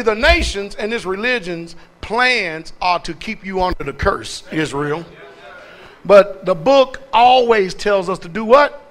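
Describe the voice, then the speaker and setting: A man's voice: sits high, pushed and bright. A man preaching a sermon as pastor, calling out questions to the congregation and repeating words for emphasis.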